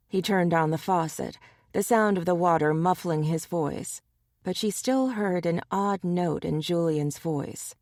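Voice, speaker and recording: Lower-voiced woman reading an audiobook. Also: a little mellow, no echo, studio quality. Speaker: audiobook narrator. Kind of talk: scripted audiobook narration.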